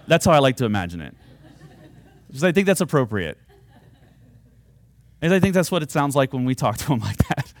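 Lively, earnest male preacher. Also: fairly high pitch, a little fast, long pauses, no room sound. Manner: earnest, rising to fervent appeals. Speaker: pastor. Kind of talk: sermon.

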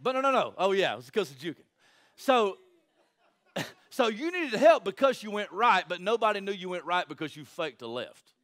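With a voice that sits high and a moderate pace, this pastor preaches conversationally and with energy. He regularly turns to his congregation with a quick "right?"

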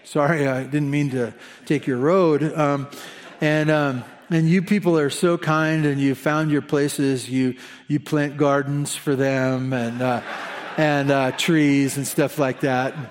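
Male pastor, sermon delivery; animated, chatty, fond of humorous asides, slightly high-pitched. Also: slow.

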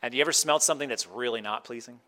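A man's voice: medium pitch, racing, sharp tone. A man preaching a sermon in a conversational way, often slipping into quoted voices to make his point. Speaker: pastor.

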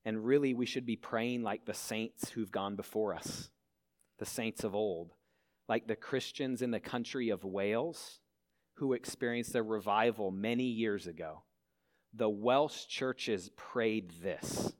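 A man's voice: fairly low pitch, a little slow. A man pastor preaching a sermon in a church, earnestly asking his listeners questions. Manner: earnest, asks the congregation many questions. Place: church hall.

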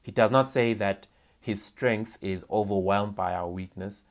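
Male preacher, lowish voice, conversational teaching tone, reads scripture with emphasis. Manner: conversational teaching, often asks "right?". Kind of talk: sermon.

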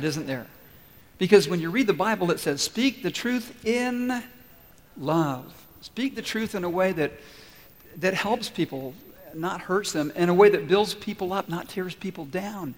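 Earnest male pastor in a reverberant sanctuary. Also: sits high. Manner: earnest, encouraging, with deliberate pauses. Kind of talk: sermon. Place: church sanctuary.

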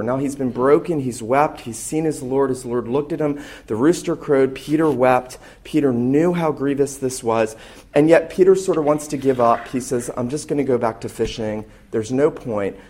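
A man's voice: on the high side, moderate pace, warm tone. A man preaching a sermon as a pastor, earnest and emphatic, leaning into key phrases.

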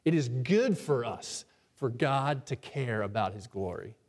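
A male pastor preaching a sermon to his congregation, emphatic and varying between loud and hushed, asking the people questions. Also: mid-range voice, lively intonation, unhurried, big-room sound.

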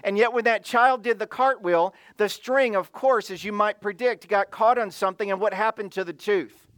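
A male pastor with a high voice delivers a sermon. He tells a story from home and keeps putting questions to his listeners. The sound is close and dry, with little room around it. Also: normal speed, a bit bright, no echo. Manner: storytelling, asks the audience questions.

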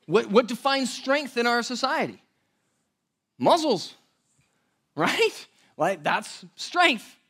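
A man preaching a sermon as pastor, conversational and animated, often checking in with the audience. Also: very high voice, slow pace, pauses often, breathy edge.

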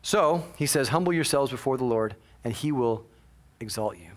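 A male senior pastor preaching a sermon in church, animated, swinging between quiet asides and loud exclamations and acting out his congregation's voices. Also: medium pitch, normal speed. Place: church sanctuary.

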